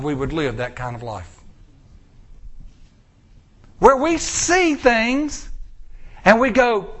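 Animated Southern preacher, high lively voice. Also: male voice, measured pace, pauses often. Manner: animated, folksy storytelling with acted quotes. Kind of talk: sermon.

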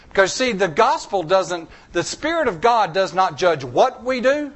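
A man's voice: high voice, sing-song, normal speed, few pauses, a bit bright. A man preaching a sermon in a church, emphatic and repetitive, with folksy jokes.

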